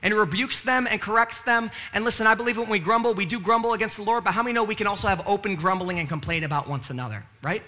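A man's voice: sits high, very fast, hardly any pauses, bright, forceful tone. A male pastor preaching a sermon in a conversational way, with frequent "right?" asides and moments of rising fervor.

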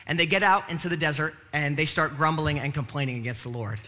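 A man's voice: a little high, fast, pushed and bright. A male pastor preaching a sermon in a conversational way, with frequent "right?" asides and moments of rising fervor.

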